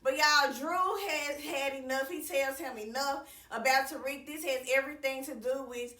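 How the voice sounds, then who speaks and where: Woman TV recapper: high, crisp voice, chatty and slangy, heard from a distance in an echoey room. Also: fairly even intonation, normal speed, sharp tone. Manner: chatty, slangy, addresses viewers as y'all, swears freely. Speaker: TV recap reviewer. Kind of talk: casual episode recap.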